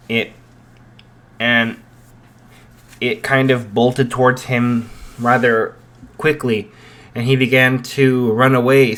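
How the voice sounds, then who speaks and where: A man improvising a story aloud, unhurried, with frequent fillers and restarts. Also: medium pitch, fairly bright tone.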